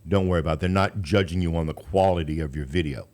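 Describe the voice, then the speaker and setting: A deep-voiced man hosts a local radio talk show. He is chatty and full of advice, and his words tumble and repeat as he goes. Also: fast talker, a little mellow. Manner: chatty, coaching, trips over his words. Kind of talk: casual radio interview chat.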